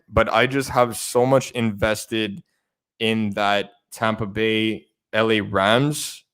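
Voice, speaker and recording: A man co-hosting a fantasy football show in casual chat, excitable and often stumbling and repeating words. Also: lowish voice, smooth. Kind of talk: casual sports betting chat.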